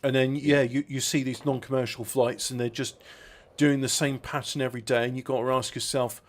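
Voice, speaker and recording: A man drifts through a casual podcast chat at an ordinary pitch. He trips over his own sentences, restarting and padding with fillers as he goes. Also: level tone. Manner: rambling, halting, with many restarts and fillers. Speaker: podcast co-host.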